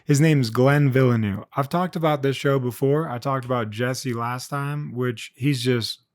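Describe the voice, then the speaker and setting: A man hosting his own video channel, telling a rambling, jokey story in casual unscripted talk, with quick little voiced asides. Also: mid-range voice, dry recording, studio quality. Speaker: vlog host.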